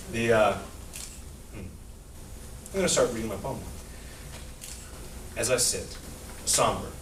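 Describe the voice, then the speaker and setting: Man reading his poems at an open mic, hesitant, echoey room, noisy background. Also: lowish voice. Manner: hesitant, searching for words. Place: coffee house. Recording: echoey room from far off, with noise.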